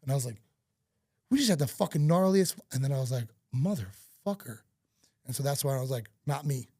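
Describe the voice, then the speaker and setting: A man's voice: medium pitch, lively intonation, brisk, warm tone, breathy edge, dry recording, studio quality. A man hosting a podcast who speaks candidly and from the heart, telling a personal story in a casual conversation. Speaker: podcast host.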